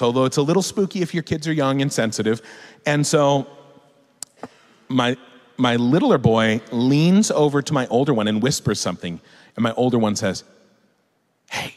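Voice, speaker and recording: A man in his forties telling stories to an audience from a stage, animated and cussing, acting out voices. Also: mid-range voice. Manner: animated, swearing, acts out kids' voices. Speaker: author on stage. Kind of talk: storytelling to an audience. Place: large opera hall. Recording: echoey hall from the stage.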